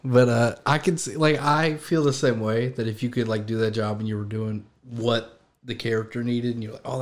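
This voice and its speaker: A man on a podcast as a guest in casual chat, joking around and laughing easily. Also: mid-range voice.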